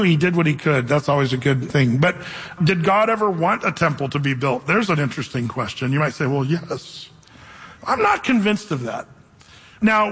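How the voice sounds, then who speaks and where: A man preaching a sermon in a loose, conversational way, slowing down to read scripture deliberately. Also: high-pitched, fairly bright tone, breathy edge, in a large hall. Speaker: pastor.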